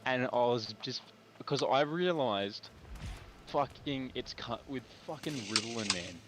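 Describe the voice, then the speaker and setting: A man's voice: mid-range voice, lively intonation, a little slow, a bit bright. A young Australian man streaming, telling a long slangy story with lots of swearing. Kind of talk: casual chat while gaming on stream. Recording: noisy background.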